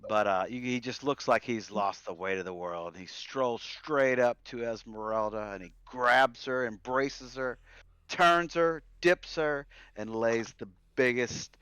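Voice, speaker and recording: A man's voice: medium pitch, measured pace, a bit bright, clear, resonant tone, no echo, highs cut off. Laid-back male game master. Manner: laid-back, rambling, lots of fillers. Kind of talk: casual tabletop game narration.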